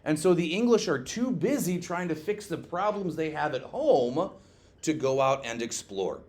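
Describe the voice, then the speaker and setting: A male teacher giving a classroom history lecture, lively and joking, asking the class questions and tagging on "okay?" often. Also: on the high side, normal speed. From Scotland.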